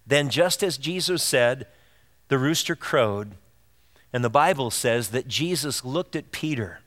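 A man's voice: mid-range voice, expressive, unhurried, a bit bright. A man preaching a sermon as pastor, earnest and direct, asking his listeners rhetorical questions. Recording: long reverb of a large hall.

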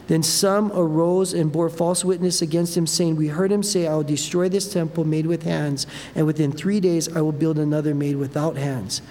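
A man's voice: a little high, dark tone, long reverb tail, a little hiss or hum. A man delivering a sermon as pastor, reading scripture aloud and talking earnestly to the congregation.

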